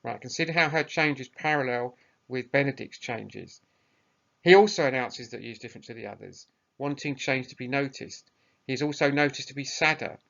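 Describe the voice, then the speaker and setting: A man's voice: mid-range voice, normal speed, vocal fry, fairly bright tone. A male teacher giving a recorded lesson, explaining tasks plainly and often hesitantly. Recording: muffled lo-fi recording.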